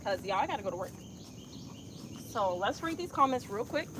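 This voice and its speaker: A woman's voice: mid-range voice, animated, moderate pace, background noise. A woman leading a live yoga class on a phone, chatty and encouraging, talking through her own effort between breath cues. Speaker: yoga instructor.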